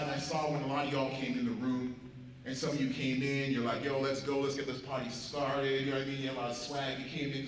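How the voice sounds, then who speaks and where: A man gives a storytelling motivational speech to students at a school assembly. He acts out the voices in his stories and swings between loud, punchy lines and quiet, soft ones. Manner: animated storyteller, acting out quotes with big swings in loudness. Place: large school hall. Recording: very echoey hall, voice from far off, faint rumble.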